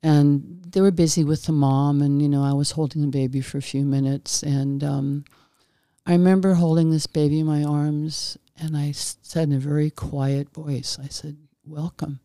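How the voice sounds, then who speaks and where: A middle-aged woman, a former midwife, hosts a podcast and shares stories from her working life. Her voice is warm and low-key with a gravelly edge, and she often loops back and restarts her sentences. The sound is dry, with no room echo. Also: steady tone, normal speed. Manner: meandering, frequent restarts and self-corrections; gentle, folksy and reassuring. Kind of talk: casual podcast monologue with anecdotes.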